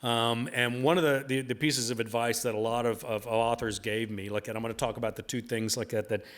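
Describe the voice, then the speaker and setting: A man's voice: mid-range voice, little pitch movement, a little fast. A man, an author, telling stories to an audience in a rambling, self-deprecating way, full of repeated filler phrases. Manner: self-deprecating humor, laughs at his own jokes. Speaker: author speaking at a book event. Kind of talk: live storytelling talk to an audience.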